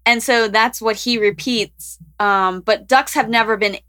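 A woman's voice: a little high, steady tone, a little slow, sharp tone. A young woman co-hosting a podcast in casual chat, giggly and full of filler words. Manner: chatty, giggly, lots of "like" and "um". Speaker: podcast co-host.

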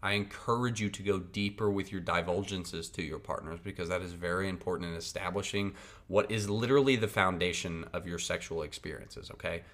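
A man's voice: deep voice, fairly quick, a bit bright. A man hosting a podcast, giving casual advice in a blunt, profane, emphatic way and often checking in with his listeners. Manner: conversational, checks in with "right?" and "okay?". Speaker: podcast host.

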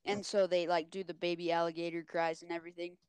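A man's voice: on the high side, level tone, fast, smooth, no echo. A teenage boy rambling through a story in casual chat with friends, making crude jokes.

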